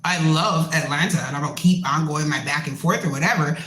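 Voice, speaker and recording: A woman from Canada, a musician hosting her own show, ranting in a blunt, profane and animated way. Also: low-pitched, fast, roomy sound, poor audio. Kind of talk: casual rant.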